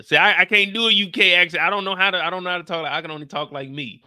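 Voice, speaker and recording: A man's voice: high voice, fairly even intonation, racing, hardly any pauses, pushed and bright, no echo, studio quality. A man with an American accent recapping a TV episode in casual, slangy chat, reading out viewer questions and reacting playfully. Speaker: show recap host.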